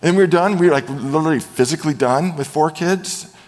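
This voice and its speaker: A middle-aged man preaching a sermon as a pastor, telling stories with lively animation and acting out quoted voices. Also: fairly high pitch, brisk, in a large hall.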